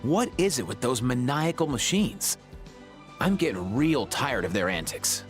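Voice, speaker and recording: A sardonic young vet in a game, dry and sighing. His voice moves about widely, even though the humor is deadpan. Game music plays under him. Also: medium pitch, a little slow. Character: weary sardonic young man veterinarian.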